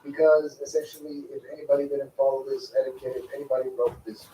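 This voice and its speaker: A man's voice: medium pitch, little pitch movement, fast talker, muffled recording, a crowd in the background. Emphatic male commentary narrator, distant and roomy. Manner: emphatic, repeats phrases for stress.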